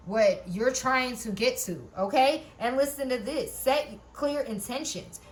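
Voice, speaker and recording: Woman doing a casual tarot reading, a bit high voice, keeps saying okay, laughs and swears here and there. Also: a little hiss or hum. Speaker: tarot reader.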